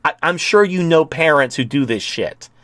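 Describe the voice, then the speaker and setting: A man's voice: fairly high pitch, expressive, normal speed, fairly bright tone, dry recording. A man hosting an online commentary show, ranting in a profane, heated way.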